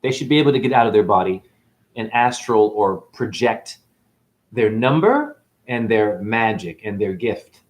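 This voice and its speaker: A man giving a preachy, boastful spiritual monologue to camera, breaking into sudden loud outbursts. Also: on the low side, lively intonation, moderate pace. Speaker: self-styled spiritual teacher.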